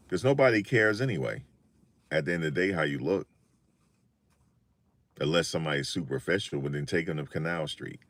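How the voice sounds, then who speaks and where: An older man telling funny stories in a casual, animated monologue, often repeating himself. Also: rumbling low, no room sound. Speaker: vlogger.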